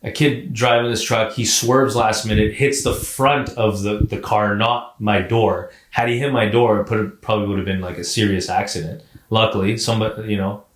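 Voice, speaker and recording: A man co-hosting a podcast, telling a personal story in a casual, animated way, swearing and saying "like" often. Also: lowish voice, moderate pace, hardly any pauses, echoey room. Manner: animated, profane, repeats words and says "like" often. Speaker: podcast co-host.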